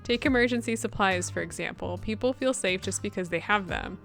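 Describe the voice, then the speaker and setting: A woman's voice: medium pitch, fairly quick, vocal fry, fairly bright tone, soft background music. A woman voicing a pompous middle-aged male company president who talks in boastful sales patter. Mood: smug.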